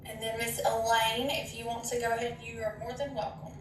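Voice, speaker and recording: A woman's voice: on the high side, level tone, brisk, background noise. Polite woman on a distant call. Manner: friendly, calling on people politely. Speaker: group voice therapist. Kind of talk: leading an online group session. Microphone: video call. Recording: echoey, distant call audio.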